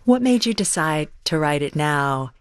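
Woman interviewer, low-pitched, measured questions, dry sound. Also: animated, clear, resonant tone, no room sound.

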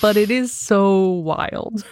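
A young woman co-hosting a casual film podcast, animated and laughing often as she talks in quick bursts. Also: mid-range voice, no echo. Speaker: podcast co-host.

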